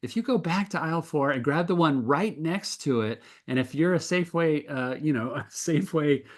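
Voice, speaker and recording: A bright, eager store cashier, as a man puts her on while retelling a moment. Her voice rides noticeably higher than his and sounds cheerful. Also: normal speed, lightly acted. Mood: excited.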